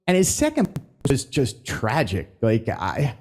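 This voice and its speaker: A man's voice: medium pitch, huge pitch swings, unhurried, darkish tone, husky. A man hosting a casual theme park news vlog, chatty and rambling, stumbling as he reads announcements aloud.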